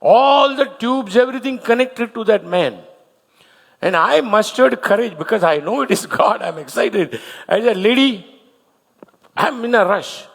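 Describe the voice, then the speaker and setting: A man's voice: high voice, lively intonation, normal speed, gravelly. A male preacher telling a story in a sermon and leading the congregation in confession. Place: church. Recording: long hall reverb, faint music.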